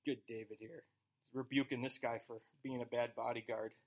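A male pastor preaching an expository sermon in a conversational, animated way, reading scripture aloud and explaining it. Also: medium pitch, fairly quick.

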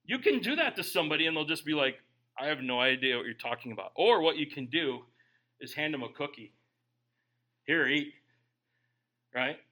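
A middle-aged man preaching a humorous sermon, joking with the congregation and swinging between quiet asides and loud bursts. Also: fairly high pitch, moderate pace, pauses often. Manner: animated, joking, bursts of shouting.

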